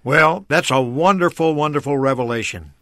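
A man's voice: fairly high pitch, moderate pace, pushed and bright, no echo, clean studio sound. A man explaining a Bible passage in a discussion, earnestly repeating key phrases for emphasis. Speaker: Bible teacher guest.

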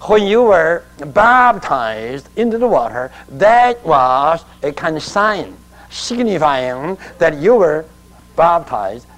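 Male preacher, emphatic sermon delivery, slow with wide pitch swings. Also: rough recording. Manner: emphatic, leads call-and-response.

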